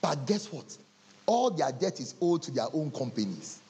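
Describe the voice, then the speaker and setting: A man preaching a humorous sermon, telling animated stories and acting out conversations. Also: a little high, moderate pace, breathy edge. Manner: animated storytelling, acting out dialogues with laughter.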